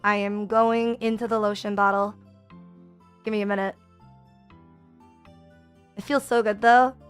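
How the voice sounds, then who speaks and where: A woman's voice: mid-range voice, level tone, measured pace, clean tone, faint music behind. A woman streaming a casual chat, rambling with many fillers and reading viewer messages aloud.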